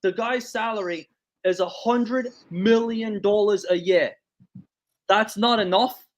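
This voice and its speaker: A man hosting a podcast, telling stories in an animated, profane way. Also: high-pitched, slow pace. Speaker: podcast host. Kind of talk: casual storytelling chat.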